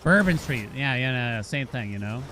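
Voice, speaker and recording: A man's voice: medium pitch, lively intonation, fairly quick. A man from Massachusetts with a Boston accent, streaming a game and chatting loosely with viewers, joking and swearing freely. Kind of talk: casual gameplay chat with viewers. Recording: game music playing behind.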